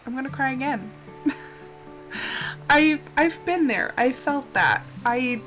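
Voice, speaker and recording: Soft music plays behind a woman whose high, slightly bright voice is expressive and slow, broken by frequent pauses. She's a game streamer talking openly and casually with viewers, offering sincere reassurance directly to them.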